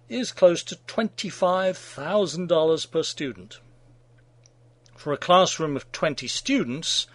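A man's voice: a little high, a bit bright, no echo. A man delivering scripted opinion commentary in a sardonic, mocking manner.

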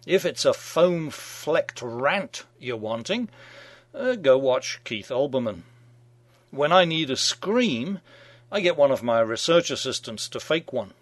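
A man's voice: medium pitch, lively intonation, takes it slowly, no echo. Wry, ironic male radio host. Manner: wry, ironic, mock-genial. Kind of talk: scripted satirical radio commentary.

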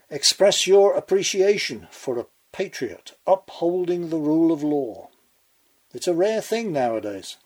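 A man's voice: on the high side, a little mellow. A man delivering a scripted political commentary monologue with sardonic, sarcastic asides.

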